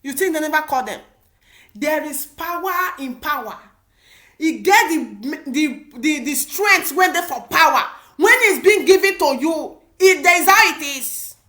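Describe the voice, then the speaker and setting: A woman's voice: sits high, expressive, unhurried, pushed and bright. A woman with a Nigerian Pidgin English accent giving impassioned political commentary, emphatic and repetitive with many restarts.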